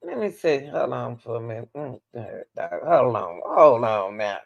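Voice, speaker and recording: Gravelly woman streamer, dull lo-fi sound. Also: rumbling low, unhurried. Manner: scattered, excitable, repeats "hold on" while searching. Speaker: live-stream host. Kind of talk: casual live-stream commentary. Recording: dull lo-fi audio.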